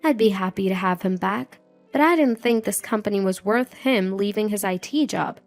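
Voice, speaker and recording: Dry, even middle-aged woman narrator. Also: mid-range voice, no room sound. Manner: even, measured storytelling. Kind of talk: scripted first-person narration. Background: faint music.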